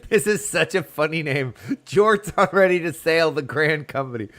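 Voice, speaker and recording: A man streaming a video game, chatting excitedly and answering his chat. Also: on the high side, normal speed. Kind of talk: casual live gameplay chat.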